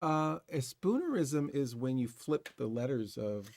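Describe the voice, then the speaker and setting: Gravelly male horror host, casual, halting livestream banter. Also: medium pitch, big pitch swings, a little mellow, no echo. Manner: rambling, searching for words. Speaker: horror movie show host.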